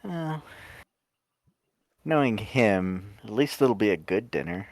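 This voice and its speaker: A man's voice: on the low side, slow pace, no room sound. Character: an easygoing former general voiced by a man. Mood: wry. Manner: relaxed, chuckling, wry. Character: easygoing male former general, dry humor.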